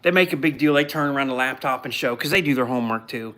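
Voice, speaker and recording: A man hosting a live podcast, recapping a television show in a blunt, mocking, animated way. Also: mid-range voice, quick pace, hardly any pauses.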